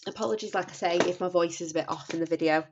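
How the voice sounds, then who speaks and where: A woman's voice: fairly low pitch, rapid-fire, background noise. A woman in her thirties from the North West of England with a Northern English accent, congested from a cold and sounding nasal, chatting casually and apologetically about her spending. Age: 30s. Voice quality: nasal, bunged up. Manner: chatty, apologetic, often restarts and says sorry. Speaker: budgeting vlogger. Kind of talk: casual chat. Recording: dull lo-fi home recording.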